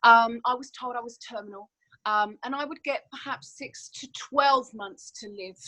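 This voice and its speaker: A woman's voice: a little high, normal speed, pushed and bright, rough recording. A woman in her thirties telling her story as a podcast guest, earnest and emphatic, often repeating words as she goes. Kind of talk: emotional personal story in a podcast interview.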